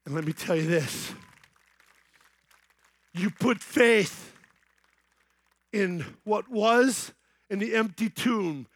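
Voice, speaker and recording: High-voiced man preaching a lively story. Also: slow, long pauses, no room sound. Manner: storytelling, building to excited shouting. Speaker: festival speaker. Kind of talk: evangelistic youth sermon. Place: large outdoor festival main stage.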